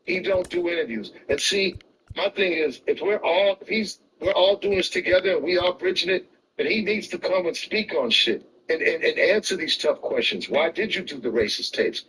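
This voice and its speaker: Heated high-voiced man arguing. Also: lively intonation, moderate pace, a bit bright. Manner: argumentative, repeats questions insistently. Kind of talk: heated debate. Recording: distant voice with faint background noise.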